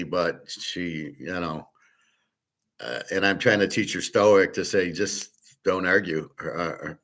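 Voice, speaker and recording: Rambling deep-voiced man. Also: a bit bright. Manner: loose and digressive, with frequent restarts and filler words. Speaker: host. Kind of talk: rambling casual monologue.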